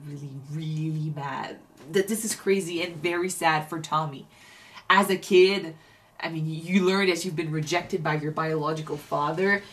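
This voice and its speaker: A woman's voice: deep voice, a bit bright. Woman musing over a TV episode. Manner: thoughtful, restarts sentences often. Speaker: reaction channel co-host. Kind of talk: casual reaction chat.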